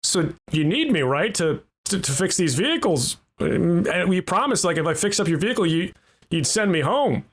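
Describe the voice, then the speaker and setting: A man voicing a male mechanic who pitches his wares like a tour guide and a used car salesman, with a hustling, nervous patter. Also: big pitch swings, moderate pace, slightly rough, full character voice.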